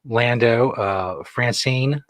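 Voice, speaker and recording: A man's voice: mid-range voice, slow, a bit bright, no echo, faint music behind. A middle-aged man co-hosting a casual chat show, wry and self-mocking as he reads out viewer comments. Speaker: co-host.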